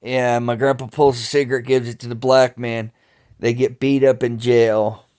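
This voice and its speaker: A man telling family stories in a slow, halting way, restarting sentences often and cursing casually. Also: mid-range voice, little pitch movement, darkish tone, smooth. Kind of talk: rambling family storytelling.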